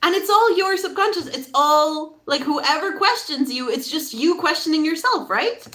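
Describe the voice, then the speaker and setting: Bright, lively woman reading tarot. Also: sits high, moderate pace. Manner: animated and chatty, laughs often, swears casually. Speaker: tarot reader. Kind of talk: casual pick-a-card tarot reading.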